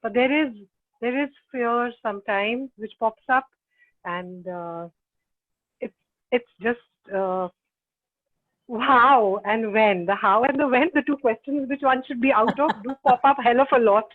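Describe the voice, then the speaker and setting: A woman's voice: fairly high pitch, unhurried. A woman sharing on a group call, speaking hesitantly with fillers and restarts. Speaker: call participant. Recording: tinny phone line.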